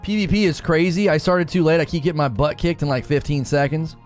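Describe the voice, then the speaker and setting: A man's voice: fairly high pitch, fairly even intonation, fast, faint music behind. A man streaming a game and chatting casually with his viewers, laughing often and acting playfully exasperated. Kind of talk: casual live-stream chat.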